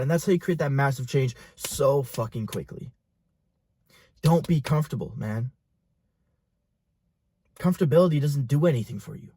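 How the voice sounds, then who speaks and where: A man's voice: a little high, darkish tone, no echo, studio quality. Young man giving a blunt, profane pep talk. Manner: intense, profane, pushy motivational talk. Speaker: fitness and business coach. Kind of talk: motivational talk to camera.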